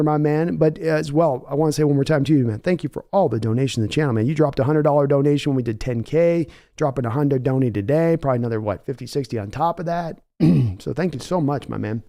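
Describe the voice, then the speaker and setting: A chatty, excitable man hosts a live sports reaction stream, reading viewer messages aloud and talking casually. His voice sits a little high for a man. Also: fast, no room sound, clean studio sound.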